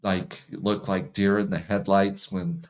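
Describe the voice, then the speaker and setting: A man who works as a hypnotherapist and coach, talking casually in an interview, relaxed and laughing often. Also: low-pitched, unhurried. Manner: relaxed, laughs often, acts out quoted partners.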